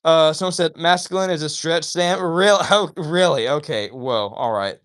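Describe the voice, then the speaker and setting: A man's voice: fairly high pitch, normal speed, a bit bright, clear, resonant tone. A man hosting a casual livestream, reading out viewers' chat messages and greeting people by name in a chatty, upbeat way, recorded on a phone.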